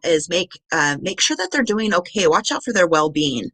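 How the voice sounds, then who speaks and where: Woman trainer, bright and dry, earnest and patient, with an unpolished live-presentation delivery. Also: on the low side, big pitch swings, a little fast, few pauses, slightly rough, no echo. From Southern Nevada. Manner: earnest, explains step by step with many ums. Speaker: crisis support trainer.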